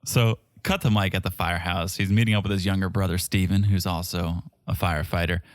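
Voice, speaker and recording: A man's voice: low voice, fairly even intonation, fairly quick, no echo, studio quality. A man co-hosting a podcast, recapping a reality show in casual, chatty talk and laughing often. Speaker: podcast co-host.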